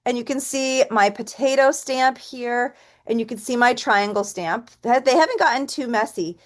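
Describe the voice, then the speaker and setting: A woman teaching a relaxed painting tutorial, chatting and thinking aloud as she works and counting softly while she stamps. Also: fairly high pitch, normal speed. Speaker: painting instructor. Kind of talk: relaxed step-by-step art tutorial.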